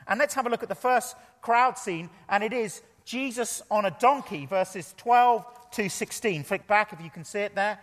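Male preacher, earnest and emphatic, higher-pitched voice, in a reverberant church hall. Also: a bit bright. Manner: earnest, emphatic, repeats key phrases. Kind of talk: sermon. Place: church pulpit.

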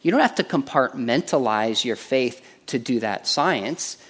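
A man in a stage debate, reasoning in an earnest, measured way. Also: mid-range voice, lively intonation, a bit bright. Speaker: Christian debater.

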